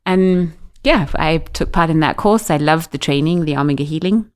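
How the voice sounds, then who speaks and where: Middle-aged woman chatting about her life, slightly low voice, gets animated and does the voices. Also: normal speed, clear, resonant tone. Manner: animated, acts out quoted voices. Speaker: guest. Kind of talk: casual storytelling.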